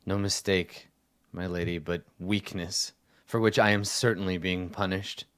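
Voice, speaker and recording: A man voicing a grief-stricken king who speaks low and heavy with guilt in a tabletop game. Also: fairly even intonation, unhurried, fairly bright tone, clear, resonant tone, no room sound, studio quality. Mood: anguished.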